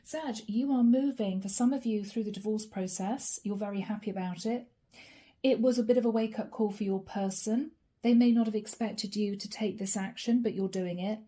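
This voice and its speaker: A woman giving a channeled tarot reading straight to her viewers, chatty and friendly, slowing down to name each card. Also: mid-range voice, warm tone. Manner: chatty, addresses viewers directly, slows to name cards. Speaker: tarot reader.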